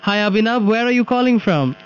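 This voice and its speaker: A man's voice: high voice, expressive, brisk. A man hosting a casual radio talk show, chatty and laughing often as he takes calls. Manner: chatty, laughs often, thanks callers warmly. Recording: dull lo-fi radio recording with faint hum.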